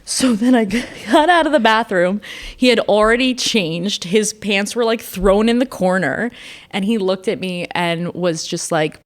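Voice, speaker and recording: A woman's voice: mid-range voice, measured pace. A young woman in her twenties co-hosting a podcast, telling a story candidly in casual chat, swearing often and saying "like" a lot. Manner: candid storytelling, frequent swearing and laughter, lots of "like". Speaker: podcast co-host.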